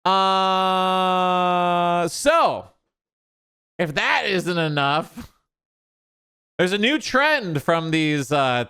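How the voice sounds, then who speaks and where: A man's voice: fairly high pitch, bright, forceful tone, smooth. A man hosting reaction commentary, sarcastic and crude, mocking what he watches. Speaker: streamer host.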